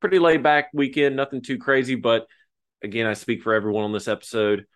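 A man's voice: mid-range voice, flat delivery, a little fast, fairly bright tone. A man co-hosting a sports podcast, talking in a laid-back, joking way. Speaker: podcast co-host. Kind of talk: casual sports podcast chat.

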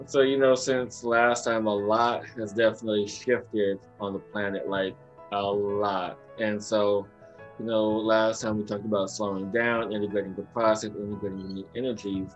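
A man co-hosting a spiritual radio talk show, speaking in a gentle, meandering way. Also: lowish voice, little pitch movement, normal speed, dull audio, faint music behind.

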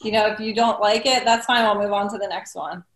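A woman's voice: mid-range voice, steady tone, fairly quick, reverberant. A woman from New Jersey with a New Jersey accent, talking bluntly as a real estate guest. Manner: blunt and straightforward. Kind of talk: casual conversation.

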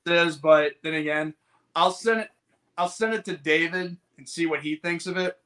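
Male podcast co-host, slightly high voice, loose and jokey, rambles with fillers. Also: normal speed, fairly bright tone, a little hiss or hum. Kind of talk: casual chat.

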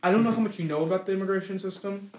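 A young man hosting a casual podcast interview, chatty and quick to laugh, with stumbling restarts. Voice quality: says his voice sounds high on the mic. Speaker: podcast host. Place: indoor room. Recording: echoey room.

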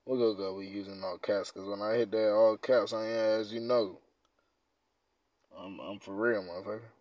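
A man hosting a casual podcast, reading quiz questions aloud and reacting in profane slang, dropping to mumbles and then bursting out loud. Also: on the low side, fairly even intonation, normal speed, no echo, muffled recording. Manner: laid-back, profane slang, swings from mumbling to loud outbursts. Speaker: podcast host.

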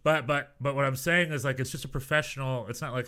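Bright-voiced man in rambling podcast chat. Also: mid-range voice, fast talker. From United States. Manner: animated, rambling storyteller with many restarts. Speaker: podcast co-host. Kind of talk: casual chat.

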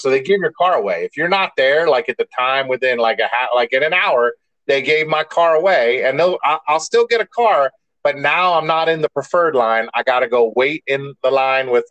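A man's voice: medium pitch, fairly bright tone, no room sound, poor audio. A man co-hosting a podcast in casual chat, a rambling storyteller who restarts often and swears mildly. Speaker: podcast co-host.

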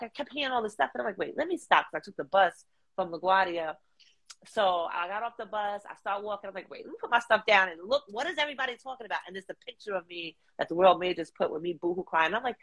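Animated middle-aged New woman. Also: mid-range voice, quick pace. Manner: animated, slangy storytelling with lively put-on voices. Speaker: guest. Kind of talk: casual storytelling chat.

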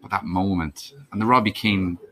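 A young man with a very low, deep voice, talking in a loose, rambling way. He circles back often, restarting his sentences and wandering into asides as he chats. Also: fairly even intonation, normal speed, pushed and bright. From Ireland. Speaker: podcast guest. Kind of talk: casual chat.

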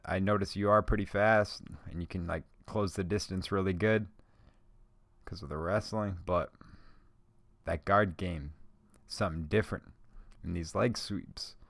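A man hosting a solo podcast who talks in a casual, rambling, profane way while high. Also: steady tone, measured pace, gravelly, pauses often, fairly bright tone, dry recording. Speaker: podcast host.

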